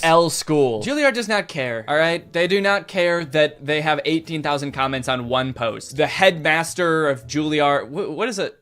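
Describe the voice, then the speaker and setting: A young man doing comedic commentary in a sarcastic tone, breaking into loud mocking impressions. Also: fairly high pitch, animated, moderate pace, hardly any pauses. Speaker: commentary YouTuber.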